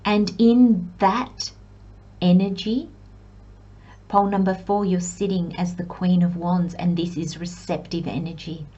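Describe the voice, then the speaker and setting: A woman reading tarot for her viewers in a slow, unhurried delivery, her voice soft with a husky edge. She speaks reflectively and with gentle encouragement, sometimes poking fun at herself. The recording sounds slightly muffled and lo-fi. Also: fairly low pitch, steady tone. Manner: self-deprecating asides, light giggles. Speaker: tarot reader. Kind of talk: pick-a-card tarot reading.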